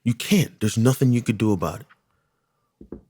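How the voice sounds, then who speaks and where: A man in casual podcast chat, a father talking loudly and animatedly, often repeating himself. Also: medium pitch, a little slow. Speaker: podcast co-host.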